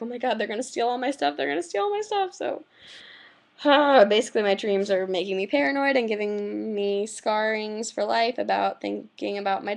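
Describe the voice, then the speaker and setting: A young woman vlogging, retelling her dreams in a chatty, animated way, full of "like" fillers. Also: medium pitch, creaky. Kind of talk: casual vlog storytelling.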